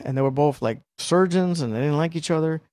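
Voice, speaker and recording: A middle-aged man in casual chat, telling a profane, animated story and acting out what people said. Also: fairly high pitch, a little fast.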